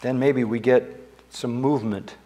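An older man preaching a sermon in a church sanctuary, with emphatic delivery that climbs higher when he quotes Scripture. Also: steady tone, normal speed, dark tone. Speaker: pastor.

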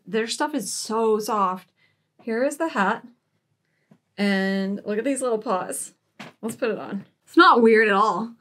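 A woman's voice: mid-range voice, fairly bright tone. A woman vlogger chatting casually at home while showing off a shopping haul, giggling and cooing baby talk at her cats.

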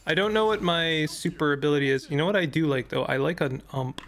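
Gravelly-voiced man rambling over gameplay. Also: on the high side, fast talker, a bit bright, a little hiss or hum. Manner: rambling, many fillers and restarts. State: losing his voice. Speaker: gaming YouTuber. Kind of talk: casual gameplay commentary.

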